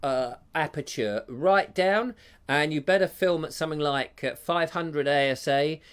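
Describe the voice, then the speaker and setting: Chatty male host reading viewer comments, self-mocking and jokey, voice a touch high for a man. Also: a little slow, clean tone. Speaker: live stream host. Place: home room with a fire.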